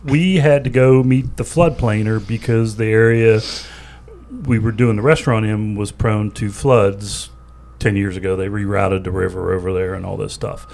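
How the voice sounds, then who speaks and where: A man's voice: on the low side, steady tone, normal speed, gravelly, darkish tone. A man from southwestern Pennsylvania with a Pittsburgh accent, co-hosting a casual podcast chat and telling stories with frequent laughter. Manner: storytelling, laughs often. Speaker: podcast co-host.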